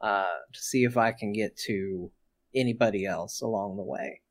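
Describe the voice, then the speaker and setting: A man playing a tabletop role-playing game, stating his character's actions in a slow, deliberate way. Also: on the low side, no room sound, studio quality. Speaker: player.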